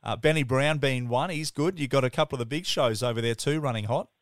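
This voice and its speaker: A man's voice: mid-range voice, quick pace, no echo, studio quality. A man with an Australian accent hosting a podcast in casual, enthusiastic chat, often calling the other speaker mate. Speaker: podcast host.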